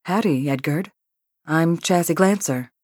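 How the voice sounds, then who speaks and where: A woman narrator voicing a blunt, feisty young ranch wife who talks in a brisk, teasing way. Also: sits low, dry recording, studio quality.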